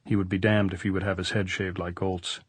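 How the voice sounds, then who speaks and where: Low-ish guy reading an audiobook, calm and plain, dry dead sound. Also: a little fast, husky, dry recording. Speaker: audiobook narrator. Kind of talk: scripted narration.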